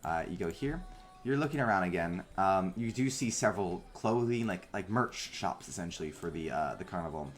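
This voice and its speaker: A man's voice: low voice, expressive, brisk, faint music behind. A man narrating as game master in loose, rambling narration with many fillers.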